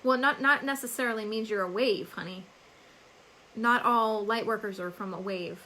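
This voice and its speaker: Bright, chatty woman hosting a live stream. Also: fairly high pitch, normal speed, slight background noise, low-quality recording. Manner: chatty, laughs often, calls viewers by name. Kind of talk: casual live-stream chat answering viewer comments.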